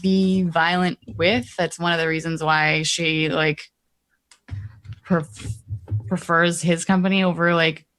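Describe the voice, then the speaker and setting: A woman's voice: lowish voice, flat delivery, slow pace, a bit bright. A woman player describing her character's actions in a tabletop game, rambling with many fillers.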